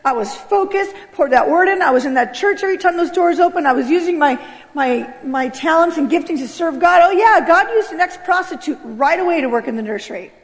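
A middle-aged woman giving an animated spoken testimony in a church, acting out the voices in her story. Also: extremely high pitch, fairly quick. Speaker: testimony speaker. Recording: long hall reverb.

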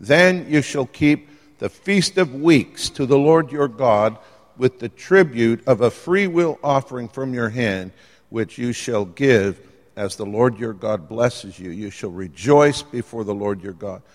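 A medium-pitched man preaches at a measured pace to a live congregation in a church hall, and the recording carries a long hall reverb. He's lively and conversational, playfully joking with the audience and asking them questions.

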